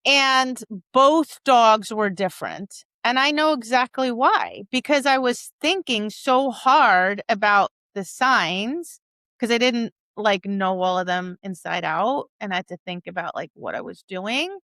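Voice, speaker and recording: A woman co-hosting a dog training podcast, telling stories in a casual, animated way and slipping into quick voices for the people and dogs in them. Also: a little high, no echo.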